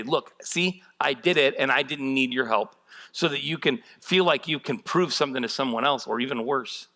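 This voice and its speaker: Middle-aged male pastor, sermon, bright forceful tone, candid and self-deprecating. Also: medium pitch.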